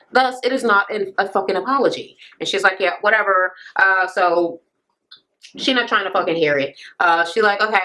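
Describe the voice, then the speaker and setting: A young woman ranting through a casual reality TV recap, blunt and sassy, swearing freely and jumping into sudden high squeals. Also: pushed and bright, rough recording. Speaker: vlogger reviewing reality TV.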